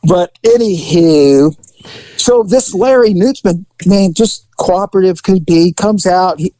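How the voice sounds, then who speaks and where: A middle-aged man, a former police officer, casually telling a story, animated, swearing, laughing and acting out the voices of the people in it. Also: sits high, unhurried, no room sound, rough recording. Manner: profane, laughing often.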